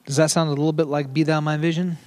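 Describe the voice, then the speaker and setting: A middle-aged man giving a casual sermon, talking in a chatty, joking way with quick asides. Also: a little high, flat delivery, a little mellow. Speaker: preacher.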